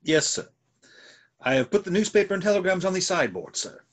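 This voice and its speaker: Man voicing a formal deferential butler, stiff and proper, husky voice, lively pitch, play reading over video call. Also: a little fast. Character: deferential male manservant, formal and dry.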